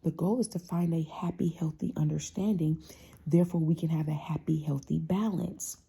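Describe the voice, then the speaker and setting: Low husky woman, passionate talk. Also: normal speed. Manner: animated, passionate, acts out family voices. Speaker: host. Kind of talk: casual motivational talk.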